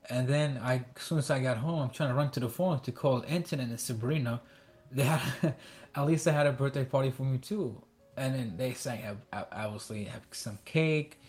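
A man's voice: mid-range voice, darkish tone. Male guest from Iraq, casual storyteller who stumbles and restarts, acts out quoted voices. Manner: halting, many restarts and fillers.

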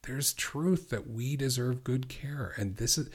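A middle-aged man hosting a podcast as a recovery coach, asking earnest questions and slowing down to repeat affirmations. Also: medium pitch, husky. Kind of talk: coaching monologue.

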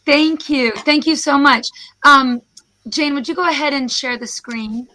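A hoarse American woman speaks high and bright, with a snarky, self-deprecating wit. She is a professor presenting over a video call, her worn voice still carrying a crisp edge. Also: unhurried. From United States.

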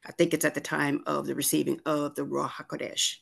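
Gravelly-voiced hesitant woman. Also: deep voice, little pitch movement. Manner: hesitant, unsure, slow. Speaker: congregation member.

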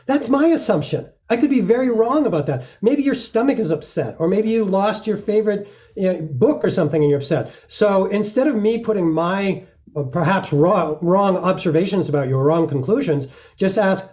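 In an interview, a middle-aged man who is a mountaineer speaks earnestly at a steady, reflective, moderate pace, now and then acting out small examples. His voice is mellow and a touch high for a man, and the audio is dull and lo-fi.

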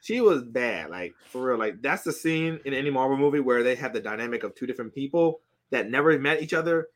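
A man chatting casually on a podcast about a show, excitable and slangy, his voice jumping up high when he gushes. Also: fast. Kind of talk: casual chat reviewing a show.

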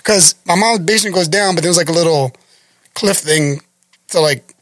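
A man's voice: on the high side, normal speed, no room sound. A man with a Philadelphia accent, a podcast guest telling stories in casual chat and acting out the voices of the people in them. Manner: animated, acts out voices and yells in his stories. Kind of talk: casual storytelling.

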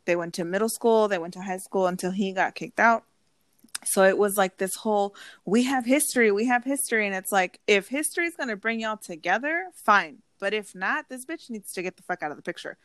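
A woman's voice: mid-range voice, expressive, brisk, a bit bright, no room sound. Woman ranting about her ex, swears a lot, dry close sound. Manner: blunt and profane, storytelling with quoted voices. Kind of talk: casual chat.

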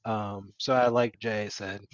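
A man's voice: lowish voice, little pitch movement, unhurried, no room sound, dull audio. A man co-hosting a casual sports podcast, speaking hesitantly with many fillers. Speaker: podcast co-host.

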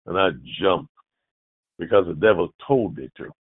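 A man preaching a sermon, swinging from shouted outbursts down to hushed, low asides. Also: normal speed, no echo. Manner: dramatic preaching, shifts from loud shouted mimicry to low near-whispers. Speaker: pastor. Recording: dry tinny phone-like sound.

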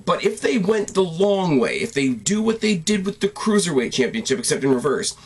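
A man with a slightly husky voice talks through a recap in a loose, rambling way. He gets excited, trips over his words and corrects himself as he goes. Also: a little high, normal speed. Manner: rambling, enthusiastic, self-correcting. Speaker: wrestling commentator. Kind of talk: casual recap commentary.

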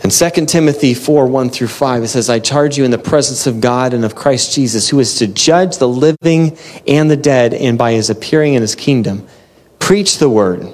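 A man's voice: medium pitch, moderate pace, darkish tone. A man preaching a casual, conversational sermon, chatty and self-interrupting, laughing often as he talks. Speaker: pastor.

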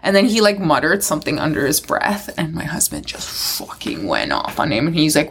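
A woman's voice: low voice, wildly swooping pitch, a little fast, hardly any pauses, breathy edge. A woman in casual conversation, telling anecdotes with many fillers and frequent laughter. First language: not English. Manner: chatty storytelling, laughs often, lots of "like". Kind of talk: casual chat.

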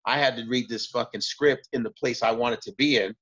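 A man, a comedian guest, telling stories in casual talk, profane and animated, jumping up in pitch when acting out moments. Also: fairly quick, husky, highs cut off. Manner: profane, animated retelling with bursts of high pitch. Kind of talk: casual storytelling.

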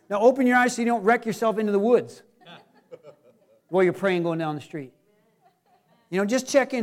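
A man's voice: high voice, brisk, pauses often. A middle-aged man preaching a sermon as pastor, folksy and joking, acting out little scenes.

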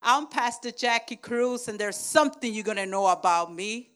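A woman pastor preaching a lively sermon, swinging from loud, excited calls to hushed, near-whispered lines and acting out little voices. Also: medium pitch, normal speed, hardly any pauses, smooth.

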